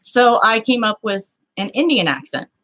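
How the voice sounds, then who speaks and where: Her voice sits on the high side and moves at a normal speed while she recounts something that happened to her in a relaxed chat. She doesn't hold back, cursing openly and animatedly playing out the people in her tale.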